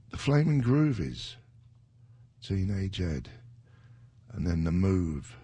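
A man hosting a music radio show with a gravelly, husky voice, rambling and chuckling between song titles in a radio studio. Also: sits low, darkish tone, dry recording. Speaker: radio DJ host. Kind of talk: casual radio chat.

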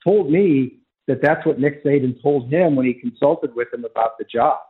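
A man's voice: medium pitch, normal speed, slightly rough. A man calling in to a radio show as a guest, giving emphatic college football analysis. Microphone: telephone. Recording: tinny phone line.

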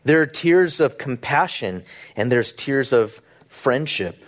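A man's voice: mid-range voice, animated, takes it slowly. A middle-aged man, a pastor from Southern California, preaching in an earnest, conversational way, with rhetorical questions and small restarts. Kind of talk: sermon.

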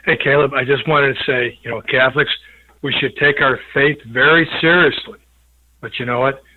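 A man calling into a radio show and telling a joke with animated energy. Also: medium pitch, normal speed. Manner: animated storyteller. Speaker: caller. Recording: tinny phone line.

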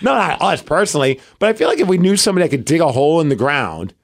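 A man co-hosting a podcast rambles through ideas and jokes at his own expense. His voice sits a bit high and swings widely in pitch, with a gravelly rasp. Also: very animated, rapid-fire. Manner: rambling, self-deprecating. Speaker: podcast co-host. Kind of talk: casual chat.

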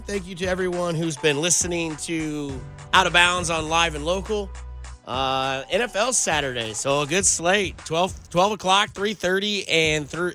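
A man hosts a sports talk radio show from the studio, riffing and joking with lots of energy. His voice sits a little high and sounds bright and forceful. Faint music plays behind him.

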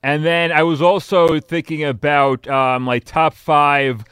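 Smooth-voiced New York radio producer. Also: male voice, on the high side, flat delivery, a little slow, a bit bright, no room sound. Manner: easygoing, teasing. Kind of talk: casual on-air chat.

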